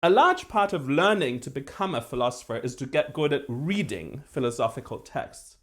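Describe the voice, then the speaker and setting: A man giving a university philosophy lecture as the professor, precise and lively, with dry self-deprecating humor. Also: mid-range voice, moderate pace. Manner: acts out voices when telling a joke.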